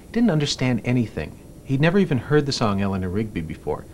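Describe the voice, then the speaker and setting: A man's voice: medium pitch, sing-song, fast talker, a little mellow, slight background noise. A man as a film producer in a mockumentary interview, ranting and sarcastic, swearing freely. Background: music.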